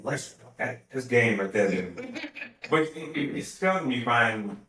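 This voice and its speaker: A man's voice: medium pitch, lively intonation, measured pace, sharp tone. A man hosting a podcast interview, affirming his guests and asking reflective questions. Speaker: podcast host. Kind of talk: casual interview. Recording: roomy, distant mic.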